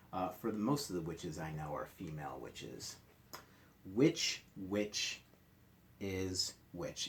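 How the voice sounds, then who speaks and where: A man's voice: low voice, a bit bright, a little hiss or hum. A male teacher leading a morning meeting lesson for young children, explaining step by step in a patient, friendly, playful way.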